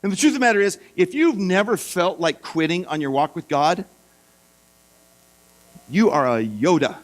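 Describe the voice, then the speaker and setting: A middle-aged male pastor telling a self-mocking story in a sermon, animated and playful. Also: high voice, moderate pace. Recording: mains hum.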